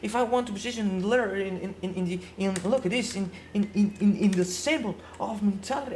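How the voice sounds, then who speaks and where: A woman's voice: medium pitch, a little fast, darkish tone, slight background noise. A woman speaking non-native English as a Spanish speaker, rambling through a live stream and acting out both sides of an imagined argument. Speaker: livestreamer.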